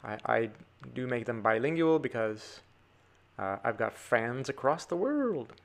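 A man's voice: medium pitch, big pitch swings, a little slow, vocal fry. A man giving a chatty drawing tutorial, talking to viewers as he sketches. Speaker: drawing teacher.

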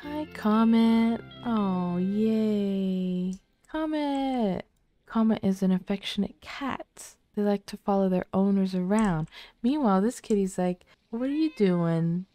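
Soft, slow-talking woman. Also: medium pitch, dry recording, faint music behind. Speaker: let's play host. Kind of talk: casual game commentary.

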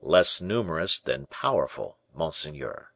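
A man reading an audiobook, voicing a scheming courtier who speaks in a measured, low, persuasive way. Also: big pitch swings, vocal fry, bright, forceful tone, slightly rough, no room sound, full character voice.

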